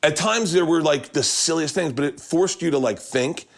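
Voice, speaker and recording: A man hosting a casual chat, telling animated, profane stories and acting out quotes. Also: on the high side, normal speed, gravelly. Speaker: podcast host. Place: kitchen.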